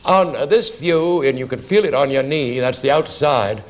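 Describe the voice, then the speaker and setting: A man's voice: mid-range voice, moderate pace, low-quality recording. A man teaching anatomy for artists in a rambling, conversational lecture, full of fillers and asides. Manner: rambling, conversational, lots of fillers and "you see".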